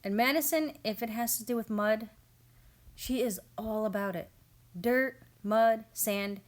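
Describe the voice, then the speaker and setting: A woman's voice: a little high, unhurried. Chatty mother narrating her family garden. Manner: chatty, amused, quotes family members. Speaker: family homestead vlogger. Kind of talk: casual voice-over narration of garden video.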